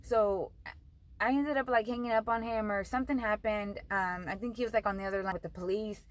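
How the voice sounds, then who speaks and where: A woman's voice: medium pitch, steady tone, fairly quick, low-quality recording. Young woman ranting on her vlog, curses a ton, says like constantly. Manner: profane, rambling, says "like" a lot. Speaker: vlogger. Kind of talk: casual storytelling.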